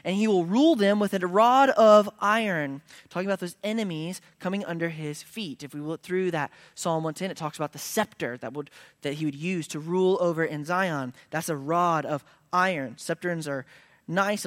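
A man preaching a sermon, moving between casual asides and loud, emphatic declarations, at times dropping to a hush. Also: high-pitched, no room sound. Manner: conversational preaching that swings from hushed to loud and emphatic. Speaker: pastor.

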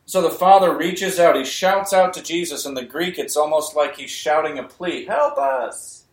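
A man's voice: a little high, moderate pace. A man preaching a sermon, emphatic and repeating key phrases, sometimes raising his voice. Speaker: pastor. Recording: echoey room.

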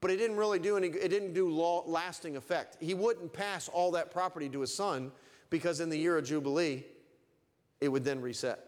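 Male pastor, fervent sermon delivery with rising and falling emphasis, high voice, long church reverb. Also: brisk.

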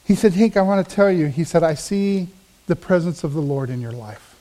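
A man's voice: on the high side, expressive, brisk, mellow. A man, a pastor, preaching a sermon, telling a personal story in an earnest, storytelling way with emphatic swells.

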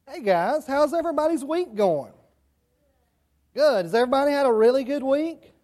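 A man's voice: very high-pitched, animated, moderate pace, a little mellow. A man with a rural Southern country accent giving a children's sermon in church, chatty and asking the kids questions. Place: church sanctuary.

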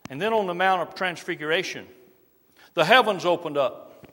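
Man preaching in a reverberant hall. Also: sits high. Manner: varies loudness widely, drops to soft slow emphasis. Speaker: pastor. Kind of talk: sermon. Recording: long reverb of a large hall.

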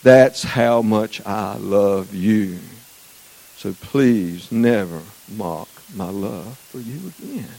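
A man's voice: on the low side, lively intonation, slow pace, vocal fry, exaggerated voice, poor audio. A man doing a tearful loving mother. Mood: tender. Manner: soft, trembling, pleading.

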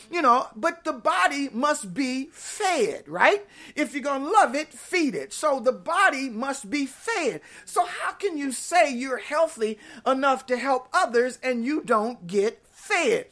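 A woman's voice: fairly high pitch, a bit bright. A woman pastor preaching an online sermon in an emphatic, folksy way, repeating her key points.

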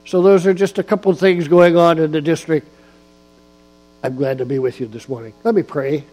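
A man preaching a sermon in a church, speaking slowly and emphatically and repeating key phrases. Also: a little high, steady tone, mellow. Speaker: guest preacher, district church official. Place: church sanctuary.

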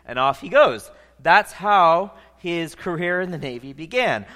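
A man preaching a sermon, telling a story in an animated, conversational way. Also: fairly high pitch, a little slow, few pauses. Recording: long reverb of a large hall.

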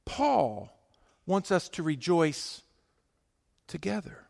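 A male pastor preaching a sermon, emphatic, swinging between loud declarations and hushed lines. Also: sits high, big pitch swings, slow pace, creaky, in a large hall.

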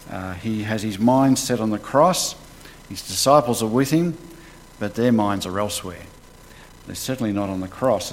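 A man preaching a conversational sermon, retelling scripture as a lively story in colloquial words. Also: on the low side. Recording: long hall reverb, faint background noise.

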